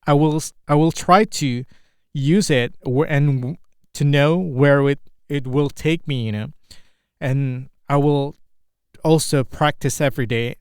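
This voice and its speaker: A man with an Indonesian accent, a native Indonesian speaker, talking through an unscripted English speaking practice, halting and searching for words. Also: on the high side, a little mellow, smooth, no room sound, studio quality.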